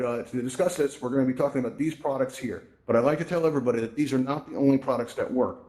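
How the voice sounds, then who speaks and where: A middle-aged man with a mid-range, darkish voice gives a casual tech presentation at a virtual reality event, speaking into a headset mic. He's chatty, acts out quoted voices, and says "right?" a lot.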